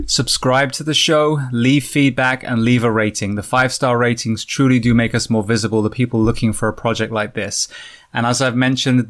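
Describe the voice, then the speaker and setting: A man's voice: mid-range voice, a bit bright. A British man hosting a podcast, chatting casually with his guest, friendly and sometimes tripping over his words, his accent drifting toward American. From Britain. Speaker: podcast host. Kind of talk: casual interview chat.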